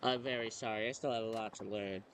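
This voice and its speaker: A man's voice: lowish voice, steady tone, quick pace, background noise, lightly acted. A man reading a game aloud, voicing a polite, timid teenage girl who apologizes and hesitates. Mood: apologetic. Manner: apologetic, soft-spoken, hesitant.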